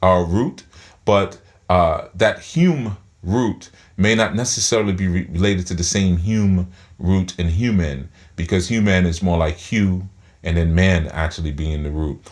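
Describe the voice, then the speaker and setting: A man's voice: sits low, a little slow. A man giving a spiritual teaching talk, speaking through his teeth and often repeating words as he thinks aloud.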